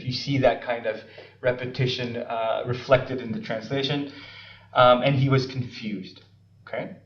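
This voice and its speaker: A man giving a seminary Bible study lecture, unhurried, with filler ums and frequent "right?" and "okay?" checks. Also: mid-range voice. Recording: roomy, distant, slightly dull lecture recording.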